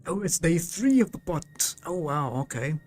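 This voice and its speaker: A man hosting a live game stream in a slightly high voice. He talks slowly and easily, breaking into laughter between lines of the game's text. Faint music runs behind him. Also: darkish tone. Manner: chatty and giggly, laughs often.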